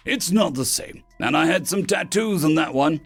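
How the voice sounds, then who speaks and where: A tough, stubborn army major, as a narrator puts him on barks sarcastic orders in a raised voice. A gravelly rasp sits on his words. Faint music runs under the audiobook. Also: on the high side, expressive, moderate pace, pitched above the performer's own voice, heavily acted. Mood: gruff. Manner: barking, sarcastic commands. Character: gruff stubborn male human army major.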